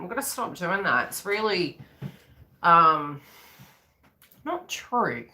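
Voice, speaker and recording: Chatty woman psychic on a livestream, bright voice, goes up and down a lot. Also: fairly low pitch, sing-song, takes it slowly, pauses often. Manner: chatty, rambling, acts out quoted voices. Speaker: psychic reader. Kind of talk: live-stream reading.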